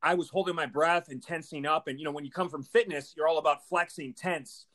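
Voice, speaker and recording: A man in his thirties with a Wisconsin Midwest accent, hosting a podcast with enthusiasm, talking fast and using lots of fillers like "man" and "you know". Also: on the high side, steady tone, a bit bright. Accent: Wisconsin Midwest American. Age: 30s. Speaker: podcast host. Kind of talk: podcast intro and interview.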